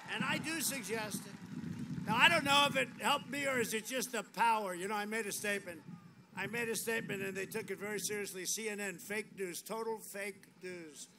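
A man's voice: high-pitched, a little fast. A man giving a rambling, boastful rally speech outdoors, full of repetition and asides. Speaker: political speaker at a rally. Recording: noisy outdoor rally audio.

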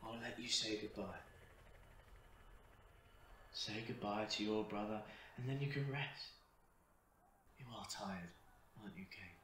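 A man playing a cruel demon who has taken over a young man. He speaks low and coaxing, with a menacing edge, in a student short film drama. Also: unhurried, pauses often, a bit bright, slight background noise. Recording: echoey room from a distance, music under.

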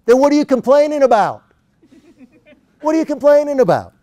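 A man's voice: extremely high pitch, very animated, a little fast, mellow, no echo, voice pushed up. A man voicing a cheerful male life coach with an Australian accent, giving a teasing pep talk. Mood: cheery, teasing.

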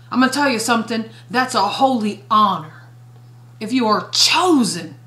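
High bright-voiced woman evangelist preaching. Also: animated, moderate pace, reverberant. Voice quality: emphatic, swooping preacher cadence. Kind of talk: fiery sermon.

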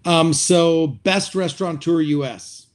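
A man's voice: on the high side, steady tone, unhurried. A middle-aged man speaking as a restaurateur guest in an interview, reflective and hesitant with frequent fillers, over a video call. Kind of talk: interview conversation.

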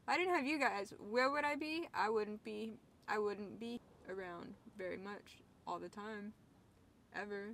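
Bright-voiced young woman rambling at the beach. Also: medium pitch, measured pace, a little hiss or hum. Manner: rambling, emotional, swears freely. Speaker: vlogger. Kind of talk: casual vlog talk to camera. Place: outdoors at a beach. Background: faint outdoor ambience.

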